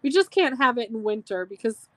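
A woman's voice: on the high side, animated, fairly quick. A woman from Minnesota chatting wryly as a podcast guest, laughing easily. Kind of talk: casual podcast chat.

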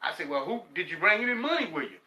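A man's voice: sits high, big pitch swings, very fast, bright, forceful tone, roomy sound, rough recording. An older man from Texas, telling stories casually and profanely as a guest. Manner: profane, laughing storyteller. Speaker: guest, former prisoner. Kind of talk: casual storytelling.

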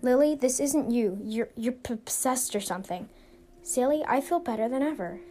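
A woman voicing a possessed girl in a whispered role-play, soft, calm and sinister. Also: a little high, moderate pace. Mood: eerie whisper. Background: music.

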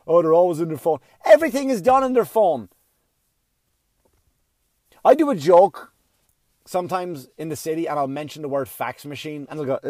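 A man's voice: on the high side, lively intonation, brisk, darkish tone, dry recording, studio quality. Profane ranting stand-up comedian man. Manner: profane, ranting, acts out voices.

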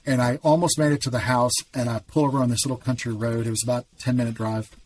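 A middle-aged man telling his faith testimony in casual talk, as an earnest storyteller with quick asides. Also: medium pitch, little pitch movement, a little mellow, a little hiss or hum. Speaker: podcast guest.

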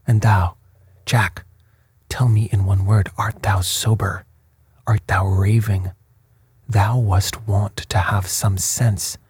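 A curt, commanding prince who has run out of patience with his servants, read by a man. The voice stays low and dark, with a husky, breathy edge, and the lines come slow and clipped. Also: no room sound, exaggerated voice. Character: stern proud male prince, short-tempered lord.

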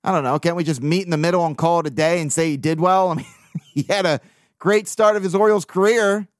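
A sports podcast host vents bluntly and profanely in casual talk, tossing in mocking put-on quotes. His voice is a little high and his pace quick, in a dry, studio-quality recording.

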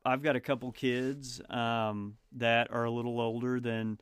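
A man's voice: medium pitch, flat delivery, measured pace, clean tone, no echo, clean studio sound. A man in his thirties hosting a casual podcast, a father of two, talking in a rambling, friendly way with frequent restarts. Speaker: podcast host.

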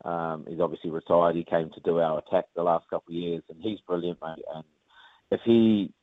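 A man with a New Zealand accent, a rugby player chatting casually in an interview, relaxed with lots of fillers. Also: low-pitched, a little fast, no echo. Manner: relaxed, many fillers, says mate often. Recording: tinny phone line, dry.

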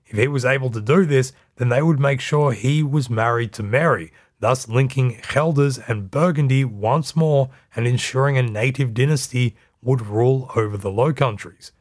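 A man narrating history for a podcast at an even, middle pitch. His telling is measured and scripted, and he drops a dry aside here and there.

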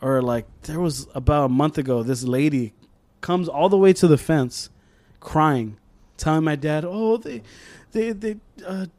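A man co-hosts a podcast, chatting casually in a fairly high voice at normal speed. He's an animated storyteller who acts out the voices of the people in his stories.

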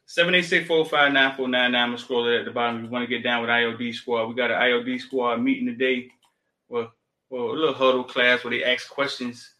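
A man's voice: mid-range voice, flat delivery, quick pace, pushed and bright. A man hosting a casual call-in talk show with loose, repetitive, slangy patter. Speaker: show host.

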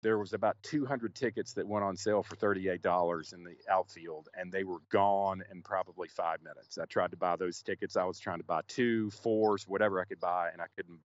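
A man's voice: deep voice, a little fast, dull audio. A man reporting on location for a podcast, talking casually with many restarts and fillers.

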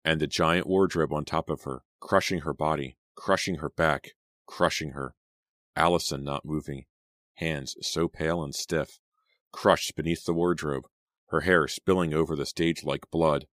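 A man narrating a teen horror audiobook in a deliberate, suspenseful way. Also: extremely low pitch, fairly even intonation, fairly bright tone, no echo, studio quality.

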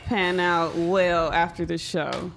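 Woman host, relaxed casual interviewer, unhurried delivery, faint noise. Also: lowish voice, gravelly.

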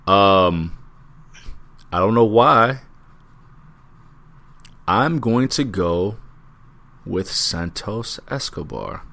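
Slow-talking laid-back podcast guy. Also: lowish voice, lively intonation, creaky, fairly bright tone. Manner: laid-back, profane, drawn-out recaps. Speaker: podcast co-host. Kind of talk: casual wrestling chat.

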